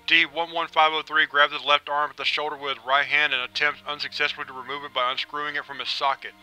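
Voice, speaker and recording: A man's voice: on the high side, little pitch movement, pushed and bright, faint music behind, rough recording. Dry clinical male narrator. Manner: dry, clinical, measured reading. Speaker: narrator reading a scripted log. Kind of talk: scripted audio-drama narration.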